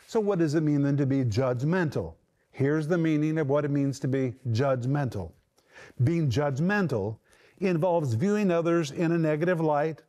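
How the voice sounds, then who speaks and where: A man's voice: fairly high pitch, a little mellow. A male preacher delivers a sermon with a slightly raised voice. He speaks earnestly and with emphasis. He repeats his key phrases to drive them home.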